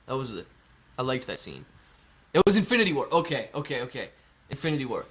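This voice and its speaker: A man's voice: medium pitch, very animated, quick pace, long pauses, a bit bright, breathy edge. A young man hosting a live stream, reading viewer comments aloud and answering in a chatty, laid-back way. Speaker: livestream host reading chat. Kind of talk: casual live stream chat.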